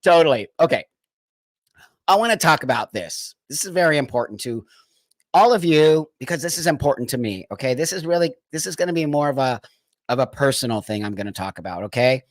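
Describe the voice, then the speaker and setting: A man's voice: mid-range voice, expressive, a little fast, dry recording, clean studio sound. A man hosting a live stream of political commentary, talking straight to his viewers in a heated, emphatic way. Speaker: livestream host.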